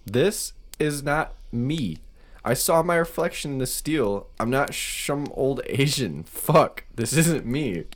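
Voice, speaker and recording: A man's voice: mid-range voice, lively intonation, takes it slowly. A man voicing a frightened man who woke up in a stranger's dead body, frantic and pleading. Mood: distraught. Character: panicked man waking in a stranger's corpse.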